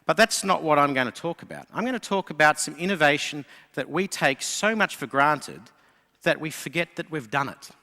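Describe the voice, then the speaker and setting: A man giving a lively conference talk from a stage, telling stories and speaking to the audience. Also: a little high, normal speed. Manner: lively storyteller, voices characters in jokes. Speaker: keynote speaker. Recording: long hall reverb.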